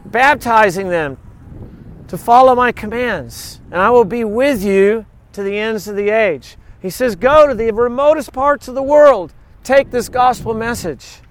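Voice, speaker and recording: A middle-aged man preaching a sermon, reading scripture aloud and breaking into animated, joking asides. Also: extremely high pitch, measured pace. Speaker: pastor.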